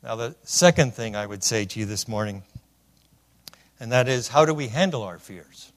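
A man preaching a sermon, telling stories with punchlines and swinging between loud declarations and hushed lines. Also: medium pitch, lively intonation, moderate pace. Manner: storytelling with punchlines. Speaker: pastor.

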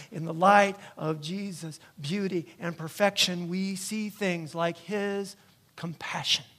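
A man's voice: high-pitched, a bit bright. A male pastor preaching a sermon in church, emphatic and repetitive, often checking in with "right?".

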